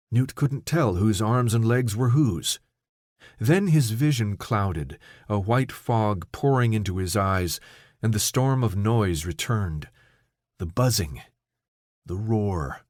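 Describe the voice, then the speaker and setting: Guy reading an audiobook, lowish voice, steady and measured, dry close studio sound. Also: dry recording. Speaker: audiobook narrator. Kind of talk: scripted audiobook narration.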